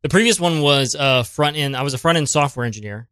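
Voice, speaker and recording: A man's voice: mid-range voice, animated, fast talker, bright, forceful tone, clear, resonant tone, no echo, clean studio sound. A man, a guest improviser on a comedy podcast, talking casually and rambling with lots of "like". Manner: rambling, hedging with "like". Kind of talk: casual chat and improv scene.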